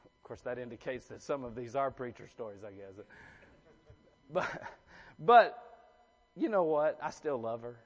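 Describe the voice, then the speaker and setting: A man's voice: medium pitch, big pitch swings, a little slow, long pauses, in a large hall. A man preaching a sermon to his congregation, chatty and joking, asking the room questions. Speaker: pastor. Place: church sanctuary.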